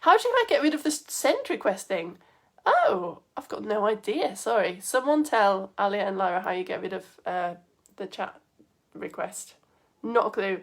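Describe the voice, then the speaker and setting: A woman's voice: mid-range voice, sing-song, moderate pace. A young woman teaching science in a live online lesson for children, chatty and bubbly, greeting viewers by name.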